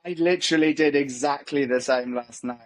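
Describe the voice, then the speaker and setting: Male podcast host, medium pitch, agreeable and reflective, dry close sound. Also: a little fast, dry recording, rough recording. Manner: agreeable, reflective, chimes in often. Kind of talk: conversational interview.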